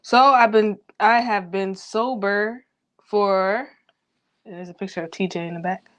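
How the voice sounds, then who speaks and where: Young woman, vlogger, fast rambling self-talk with heavy swearing. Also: mid-range voice, steady tone. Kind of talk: rambling personal venting.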